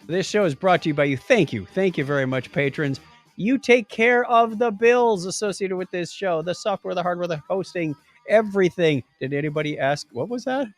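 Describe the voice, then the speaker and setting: A man's voice: high-pitched, soft background music. A man hosting a podcast, joking around casually and rattling off lists of names. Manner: jokey, animated, rattles off lists quickly. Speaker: podcast host. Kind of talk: casual chat.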